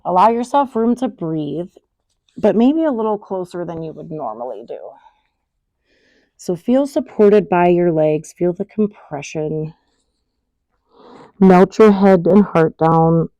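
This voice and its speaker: A woman leads a yoga class, talking through each pose and breath at a very slow, calm pace. Her voice sits low and has a gravelly texture. The sound is close and dry. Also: no room sound. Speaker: yoga instructor. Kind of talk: guided yoga class instruction.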